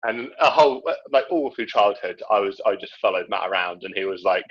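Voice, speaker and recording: A man's voice: lowish voice, a little fast, husky. A young man telling a childhood story in casual chat, laughing often and acting out the voices. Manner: chatty, laughs often, acts out quoted voices. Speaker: podcast guest. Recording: dull lo-fi sound.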